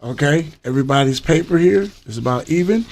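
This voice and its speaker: A man's voice: on the high side, animated, brisk, darkish tone. Chatty livestream host, man. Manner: loose, chatty, talks straight to viewers. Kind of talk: casual live-stream chat.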